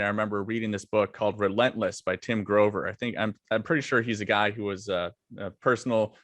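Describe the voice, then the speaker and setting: A man guest on a podcast, telling his own story in a relaxed, reflective way with plenty of "like" fillers. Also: lowish voice, no echo. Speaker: podcast guest, former longboard racer. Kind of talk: casual interview talk.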